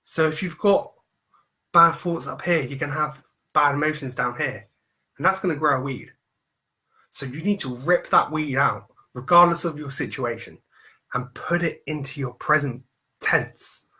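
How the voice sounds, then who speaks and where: Man, mindset coach, live stream pep talk, bright forceful tone, slightly higher voice, emphatic repetition. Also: normal speed. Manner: emphatic and repetitive, preaching self-affirmation.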